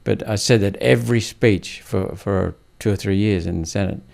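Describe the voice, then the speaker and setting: Man, gravelly, lowish voice, blunt, emphatic senator in a podcast chat. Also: normal speed, darkish tone. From India. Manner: blunt, emphatic political talk. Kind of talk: casual interview talk.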